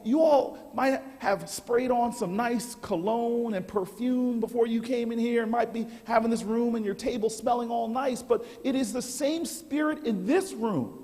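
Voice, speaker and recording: A man's voice: extremely high pitch, warm tone, husky. A man giving a keynote speech at a dinner, telling stories with humor and building into impassioned oratory. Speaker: keynote speaker. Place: banquet hall. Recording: long reverb of a large hall.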